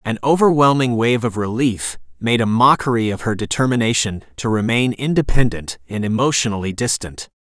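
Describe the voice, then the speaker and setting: A man reading a romantic suspense novel aloud as an audiobook narrator, in a steady, even storytelling manner. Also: mid-range voice, brisk, few pauses, no echo, studio quality. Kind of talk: scripted narration.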